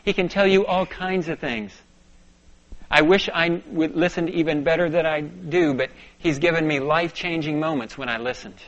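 A male preacher telling a personal story in a sermon, dropping to a hush and rising to urgent bursts. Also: a little high, steady tone, normal speed. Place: church sanctuary. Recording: dull lo-fi sound.

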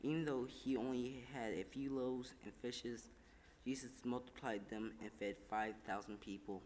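A man narrates a heartfelt story at an even, measured pace, now and then stumbling over a word. His voice rings with a long room echo over faint background noise. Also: medium pitch. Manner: calm, measured storytelling with small slips. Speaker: reader. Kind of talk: scripted narration of a first-person story.

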